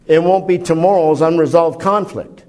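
A man preaching a conversational sermon, asking his listeners questions and swinging his pitch and volume widely for emphasis. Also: fairly even intonation, normal speed, a little mellow. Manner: conversational, asks the audience questions.

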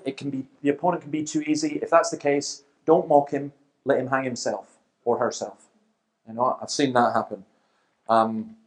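Guy, middle-aged, lively church talk, storytelling with little asides. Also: fairly high pitch. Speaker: Christian speaker.

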